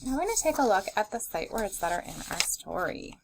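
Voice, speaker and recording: A woman teaching a phonics lesson to young children, sounding out words slowly and clearly and encouraging them. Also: mid-range voice, big pitch swings, slight background noise.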